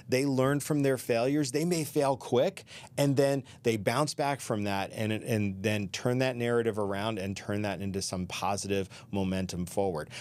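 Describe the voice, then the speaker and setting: A man's voice: mid-range voice, darkish tone. A middle-aged man hosting a career advice talk, speaking conversationally with asides and restarts. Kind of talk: solo advice talk to camera.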